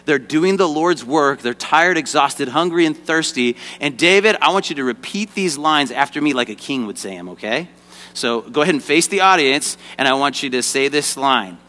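A man's voice: fairly high pitch, lively intonation, normal speed, bright, forceful tone. A man leading an interactive Bible lesson for children, directing volunteers on stage and prompting the audience to call out responses. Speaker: children's ministry teacher. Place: church stage before a kids' audience. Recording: echoey hall reverb.

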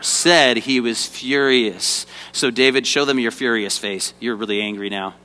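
A children's ministry teacher stands on a church stage before kids, leading an interactive Bible lesson in which he directs volunteers and coaxes the audience into calling out. His mid-range voice is bright and forceful, a little slow with few pauses, and the recording carries echoey hall reverb.

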